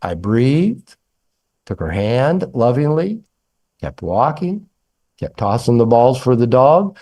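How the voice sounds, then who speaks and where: A man's voice: medium pitch, very animated, slow pace, warm tone. An older man, an author and therapist, telling candid personal stories in a podcast interview, acting out dialogue with self-deprecating humor. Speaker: author and psychotherapist guest.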